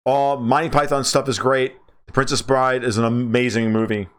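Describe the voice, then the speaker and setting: A man in his forties hosting a livestream, talking about movies in a casual, profane, emphatic way, often restarting and jumping up in pitch when excited. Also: normal speed, clean tone. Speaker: livestream host.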